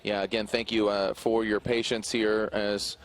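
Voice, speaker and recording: A man doing live play-by-play commentary at an outdoor drift event, his voice climbing as he calls the action. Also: measured pace. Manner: energetic, rises in pitch calling the action.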